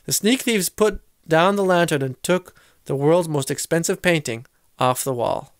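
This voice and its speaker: A man's voice: on the high side, lively intonation, normal speed. A man reading a children's chapter book aloud, shifting his voice for each character. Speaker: reader. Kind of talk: storybook read-aloud.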